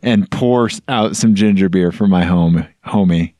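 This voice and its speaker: A man's voice: sits low, unhurried, dark tone, no room sound. A man co-hosting a podcast in casual chat, rambling and playful, often hesitating as he talks. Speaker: podcast co-host.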